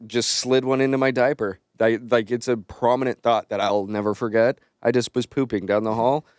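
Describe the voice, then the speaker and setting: Smooth-voiced man chatting casually. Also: medium pitch, moderate pace, no room sound, clean studio sound. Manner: relaxed, rambling recollection. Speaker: podcast co-host. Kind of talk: casual chat.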